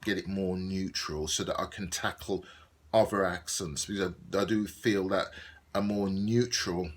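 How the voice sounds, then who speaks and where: Deep-voiced Brummie man, rambling. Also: fairly even intonation, normal speed. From Birmingham, England. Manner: rambling, filler-heavy, many ums and restarts. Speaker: actor and video diarist. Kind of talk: casual video diary monologue.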